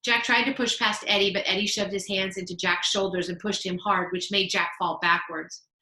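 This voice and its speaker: A woman teacher reading a children's novel aloud in an expressive storytelling manner. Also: medium pitch, moderate pace. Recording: roomy echo.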